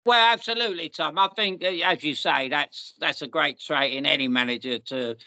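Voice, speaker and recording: A man's voice: on the high side, normal speed, pushed and bright, no echo. A man, hosting a podcast and telling long rambling stories in a casual chat. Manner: rambling, restarts and repeats, storytelling. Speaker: podcast host.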